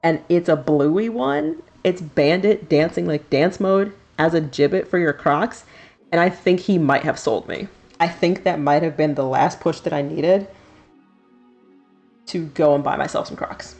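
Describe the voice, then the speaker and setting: A woman's voice: deep voice, measured pace, vocal fry, darkish tone, soft background music. A woman in her thirties, a streamer chatting casually and laughing often while doing her nails. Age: 30s.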